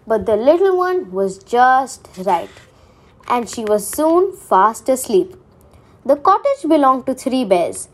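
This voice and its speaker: A woman reading a children's fairy tale aloud, expressive and deliberate. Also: on the high side. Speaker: storyteller. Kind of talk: storybook read-aloud narration.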